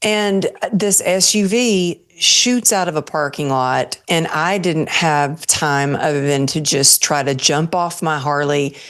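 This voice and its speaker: A woman's voice: low-pitched, slow pace, hardly any pauses, fairly bright tone, smooth. A woman guest on an interview show, earnestly telling a personal story and acting out her own thoughts as she goes.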